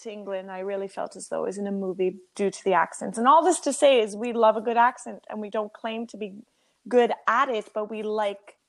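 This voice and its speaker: A woman's voice: mid-range voice, brisk. A woman co-hosting a podcast, telling stories in casual chat and laughing often. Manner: chatty, laughs often, animated storytelling. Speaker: podcast co-host.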